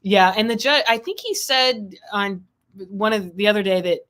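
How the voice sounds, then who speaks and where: A woman's voice: mid-range voice, normal speed, a bit bright. A woman hosting a casual talk about a court trial, chatty and rambling with frequent restarts, speaking over a video call. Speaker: legal affairs host.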